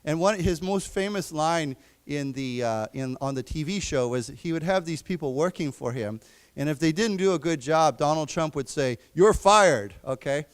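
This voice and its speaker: Man, English teacher, fairly high voice, patient questions to the class. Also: clear, resonant tone. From United States. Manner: explains words slowly, quizzes the class. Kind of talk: live English lesson. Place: library lecture room.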